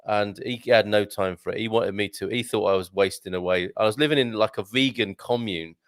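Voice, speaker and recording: A man's voice: on the low side, brisk, dry recording. A middle-aged man co-hosting a casual live chat, rambling with many restarts and chuckles while reading out viewer comments.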